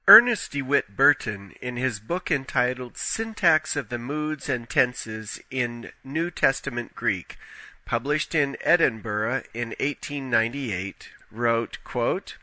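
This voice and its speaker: A man reads a scripted scripture study slowly and deliberately, setting each quotation apart with care. His voice is bright and forceful, and it sounds close and dry, with no room sound around it. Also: medium pitch, lively intonation, dry recording. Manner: measured, deliberate reading with careful quotations. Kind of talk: scripted narration.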